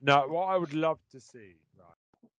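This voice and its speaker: A man's voice: a little high, a little slow, fairly bright tone, dry recording, highs cut off. Blunt, sweary man. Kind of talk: casual chat.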